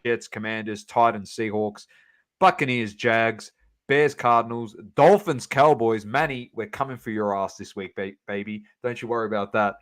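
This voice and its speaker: A man co-hosts a casual sports podcast, reading out results in a low-pitched voice. He talks with many fillers and quips. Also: moderate pace, a bit bright. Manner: rattles off scores with fillers and banter. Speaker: podcast co-host.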